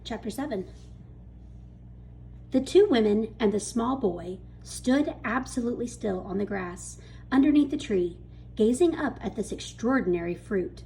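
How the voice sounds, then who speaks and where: A woman reading a children's book aloud in a lively, expressive storytelling manner. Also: a little high, unhurried, creaky, a little hiss or hum. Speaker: reader.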